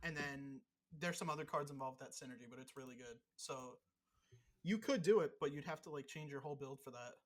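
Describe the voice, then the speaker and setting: A man's voice: mid-range voice, fairly quick. A man co-hosting a casual podcast, bantering while playing a game and ranting in profane, mock-angry bursts. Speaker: podcast co-host.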